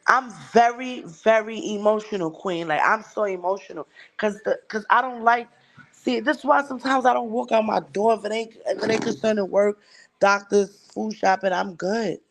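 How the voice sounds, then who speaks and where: A woman's voice: medium pitch, normal speed. Blunt, swearing woman. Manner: blunt, heavy swearing, emphatic. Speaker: livestream host. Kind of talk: casual chat.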